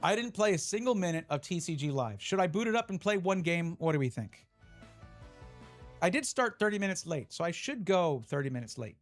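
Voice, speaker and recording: A man's voice: high-pitched, sing-song, brisk, faint music behind. A man live-streaming, chatting casually and reading out viewer messages as he opens card packs. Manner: chatty, reads chat aloud, restarts often.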